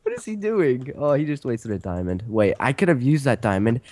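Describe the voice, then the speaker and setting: A man's voice: mid-range voice, big pitch swings, fairly quick, a little mellow. A man joining a game video as a guest, teasing his co-player and laughing often in casual chat.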